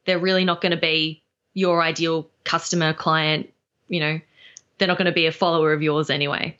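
A woman's voice: low voice, flat delivery, fairly bright tone. A woman speaking trainer, a guest on a podcast, talking confidently and emphatically in a casual interview. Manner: confident, emphatic, quick to laugh. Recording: dull, lo-fi sound.

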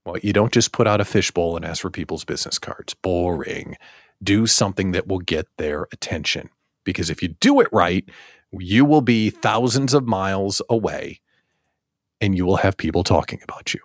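A man hosts a live morning chat from his basement, cracking jokes and acting out little scenes. His pitch swoops up and down with a lot of expression. The sound is close and dry. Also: normal speed, no echo. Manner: animated, jokey, acts out scenes. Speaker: live show host. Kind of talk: casual morning show chat. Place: home basement studio.

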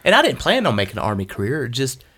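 A middle-aged man, a guest in a casual conversation, talking earnestly and haltingly with many fillers. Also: mid-range voice, huge pitch swings, bright, forceful tone, slightly rough. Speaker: podcast guest, Army veteran.

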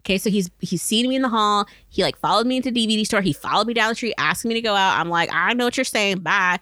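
A woman's voice: medium pitch, quick pace, dry recording. A woman around forty, co-hosting a podcast in casual chat, telling stories animatedly with many "like" fillers. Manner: animated storyteller, acts out quotes, many "like" fillers. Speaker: podcast co-host.

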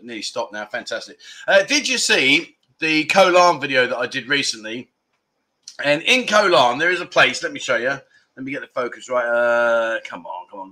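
Bright-voiced chatty male streamer. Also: fairly high pitch. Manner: chatty, laughs often, banters with viewers. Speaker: livestream host. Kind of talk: casual livestream chat.

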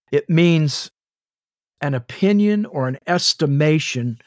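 A man leading a Bible study, slowly defining Hebrew and Greek words, repeating and spelling terms out as he goes. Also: medium pitch, dry recording, clean studio sound. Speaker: Bible teacher.

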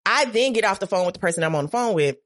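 A woman tells a story as a podcast guest. She swears freely and acts out each quoted line, her voice leaping up for the drama. Her delivery is lively and blunt. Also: very fast. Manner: profane, dramatic, acts out quotes with big pitch jumps. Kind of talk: animated storytelling.

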